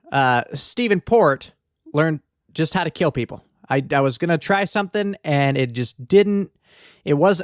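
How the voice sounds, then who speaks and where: A man's voice: high voice, no room sound, studio quality. Rambling, profane male podcast host. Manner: rambling, profane, joking asides. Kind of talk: casual comedic true-crime podcast monologue. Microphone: desk podcast mic.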